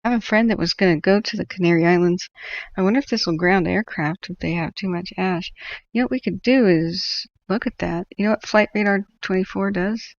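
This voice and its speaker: A woman's voice: medium pitch, brisk, no echo. Rambling woman host laughing through her stories, dry and a bit muffled. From northern California. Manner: rambling storyteller, laughs often. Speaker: livestream host. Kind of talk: casual chat while tracking wildfires.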